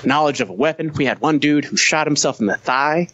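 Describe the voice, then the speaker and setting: A man's voice: a little high, a little fast, no room sound, dull audio. Profane man telling war stories, dry sound. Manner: profane, laughing, animated storyteller. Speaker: podcast guest, Marine veteran. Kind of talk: casual storytelling.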